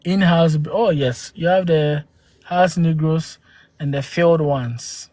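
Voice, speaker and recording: A man's voice: on the high side, slow pace, a little mellow, no echo. A man from Ghana, hosting a live stream and arguing with viewers through rhetorical questions and exclamations into a phone. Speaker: livestream host.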